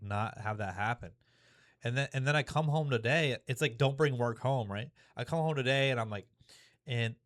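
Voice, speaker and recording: A man's voice: mid-range voice, fairly bright tone, no echo, clean studio sound. A young man vlogging in a frank, rambling way, swearing often and restarting his sentences as he talks things through. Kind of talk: confessional vlog.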